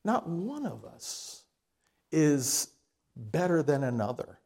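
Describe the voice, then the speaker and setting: A man's voice: fairly high pitch, very animated, slow, darkish tone, breathy edge. A man preaching a sermon, telling a story in a folksy way and acting out its dialogue with frequent restarts.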